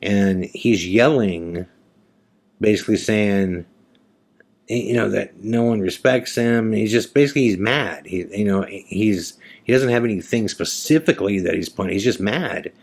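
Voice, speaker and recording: A man with a very low, deep voice recounts a personal story as a podcast host. He talks loosely and conversationally, often restarting sentences and leaning on fillers. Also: moderate pace, gravelly.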